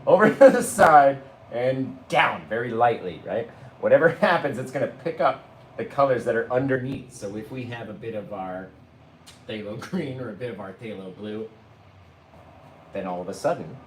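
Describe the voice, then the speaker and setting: A man's voice: mid-range voice, expressive, normal speed, echoey room, slight background noise, poor audio. A man teaching a live painting lesson, talking viewers through each brushstroke in a chatty way and calling them "guys". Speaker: painting instructor.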